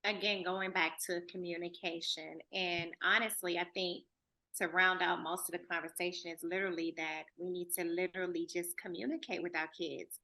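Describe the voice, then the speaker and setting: A woman host guides a casual interview, affirming her guest and asking questions. Her voice is bright and forceful. It sits slightly low in pitch. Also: steady tone, moderate pace, poor audio. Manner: affirming, conversational, asks questions. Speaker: podcast host.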